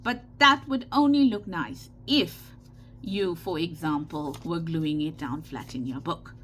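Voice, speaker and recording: A woman's voice: low-pitched, unhurried, a bit bright, slight background noise. A woman with a South African Indian accent hosting a casual craft tutorial, chatty and given to repeating herself with frequent "okay" check-ins. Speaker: craft channel host.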